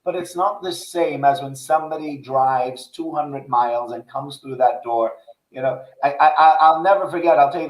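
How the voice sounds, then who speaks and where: A man in casual conversation, telling a heartfelt personal story in an earnest way, with many restarts. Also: medium pitch. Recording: echoey room.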